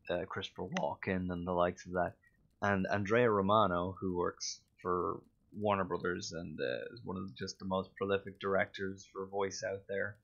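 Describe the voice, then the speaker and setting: An Irish man with a Dublin accent and a very low voice, chatting on a livestream. He tells stories with fillers and restarts, poking fun at himself. The recording sounds slightly dull and lo-fi. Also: vocal fry, a bit bright. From Ireland. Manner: anecdotal, self-mocking, with frequent fillers and restarts. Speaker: voice actor streaming. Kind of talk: casual livestream chat.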